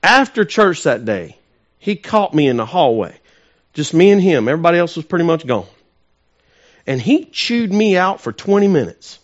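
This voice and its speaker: A male pastor preaching a sermon, swinging from loud emphatic peaks to quiet, intimate asides and asking his congregation questions. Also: a little high, big pitch swings, moderate pace, lo-fi sound.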